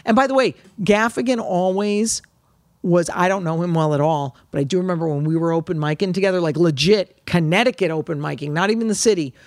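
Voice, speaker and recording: A woman comedian as a podcast guest, chatting in a brash, expressive way, laughing often and swearing. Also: fairly low pitch, a little fast, no room sound, clean studio sound. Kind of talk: casual chat.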